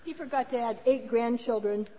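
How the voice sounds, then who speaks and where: A pastor's wife answering briefly and softly from off mic. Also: female voice, fairly high pitch, moderate pace. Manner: soft and brief, speaking from off mic. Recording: distant, dull, long reverb.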